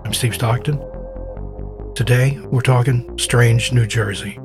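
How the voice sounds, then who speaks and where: A man's voice: mid-range voice, fairly even intonation, a little slow, over loud music. A man hosting a podcast, chatting casually with a guest, laughing often and repeating words as he talks. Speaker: podcast host. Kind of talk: casual interview chat.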